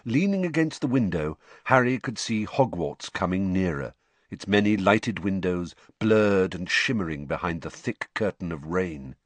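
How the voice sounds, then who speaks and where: A man reads a novel aloud in a lowish voice that rises and falls with lively expression. His pacing is measured and deliberate, and the recording is close and dry with no room sound. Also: no echo. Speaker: audiobook narrator. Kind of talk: scripted narration.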